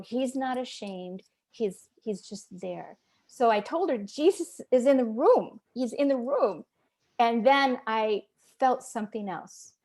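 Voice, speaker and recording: A woman's voice: mid-range voice, darkish tone. A woman, around her fifties, giving a personal testimony as an interview guest, earnest and emotional as she tells it and acts out the voices she quotes.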